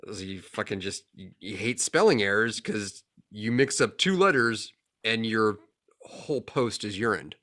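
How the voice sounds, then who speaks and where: A man with a bright, middle-pitched voice who talks slowly and swings widely in pitch. He cohosts a podcast, trading jokes in casual banter and laughing often. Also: animated. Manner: laughs often, slow unhurried telling. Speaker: podcast co-host. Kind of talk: casual joke-telling banter.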